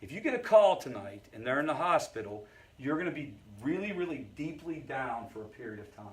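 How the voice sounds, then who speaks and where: The leader of a family recovery group speaks at medium pitch in a sing-song, fairly quick manner. His teaching is conversational, sprinkled with storytelling asides and frequent check-ins with the audience.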